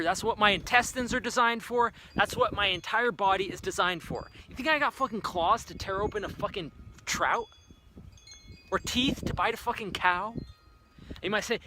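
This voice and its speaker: A young man ranting to camera about his diet, profane and animated, acting out imagined voices along the way. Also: high-pitched, normal speed, slight background noise. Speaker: vlogger. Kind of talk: profane opinion rant to camera.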